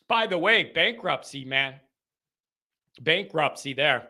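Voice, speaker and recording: A man in his thirties hosting a call-in sports show, rambling through jokey rants and reading fan comments aloud, with sudden shouts. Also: high voice, moderate pace.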